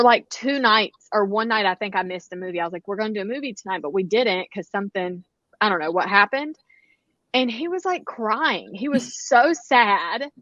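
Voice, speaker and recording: A woman, co-hosting a casual chat and telling animated stories with lots of quoted dialogue. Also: medium pitch, dry recording, highs cut off. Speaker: podcast co-host.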